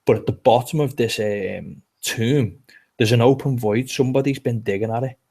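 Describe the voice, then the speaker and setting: A man with a Liverpool accent tells long, winding stories in casual chat. His voice sits at an ordinary middle pitch, and he often stops and restarts his sentences. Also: moderate pace, gravelly, a little mellow, husky. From England. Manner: chatty storyteller, rambling with restarts. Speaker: podcast co-host.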